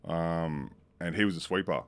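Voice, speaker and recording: An Australian man on a podcast as a guest, telling stories in casual chat, swearing freely and getting loud and laughing as a story builds, recorded in a pub. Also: low voice, normal speed.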